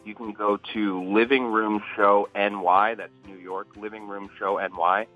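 A man chatting as a comedy guest and telling funny stories in a relaxed, playful way. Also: lowish voice, measured pace, narrow, tinny audio, soft background music. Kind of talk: casual storytelling chat.

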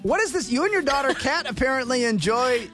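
A man's voice: very high voice, lively intonation, fairly quick, sharp tone, soft background music. A man hosting a morning radio show, upbeat and chatty.

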